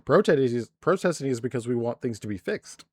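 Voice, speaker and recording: A man's voice: mid-range voice, expressive, quick pace, husky, dry recording. Profane ranting male streamer, dry close sound. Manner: profane ranting with frequent restarts. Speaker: streamer host. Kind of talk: live-stream commentary.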